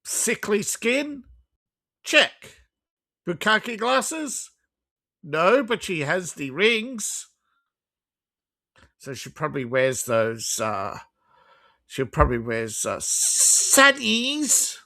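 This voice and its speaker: A woman's voice: sits low, very animated, very slow, long pauses, a bit bright. A woman hosting a reaction commentary, sarcastic and mocking. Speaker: host.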